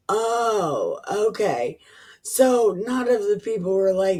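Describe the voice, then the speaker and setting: A woman's voice: mid-range voice, lively intonation, a little slow, dark tone, breathy edge. A woman reading scripture aloud and riffing on it casually, irreverent, swearing and laughing at her own jokes. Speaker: Bible reading vlogger.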